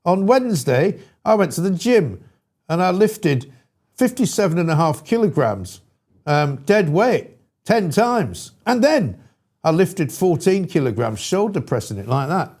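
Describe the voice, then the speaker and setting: A man's voice: high-pitched, darkish tone, heavily acted. A man parodying a triumphant male politician who defiantly boasts about the things he did in his week. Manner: defiant, boastful, repeats "they said I couldn't".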